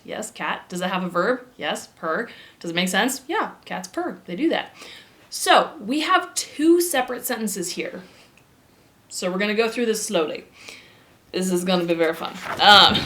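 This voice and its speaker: A woman teaching a grammar lesson with upbeat, animated energy and quick bursts of excitement. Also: medium pitch. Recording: echoey room.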